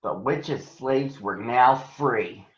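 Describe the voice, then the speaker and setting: A man reading a children's story aloud as a storyteller, in a slow, expressive way. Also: medium pitch. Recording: roomy, dull sound.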